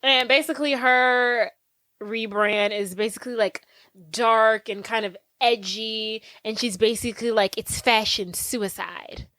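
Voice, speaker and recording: A woman's voice: on the high side, measured pace, dry recording. A woman co-hosting a podcast, animatedly recapping a film in casual chat and acting out the characters. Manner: animated storytelling, acts out characters. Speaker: podcast co-host.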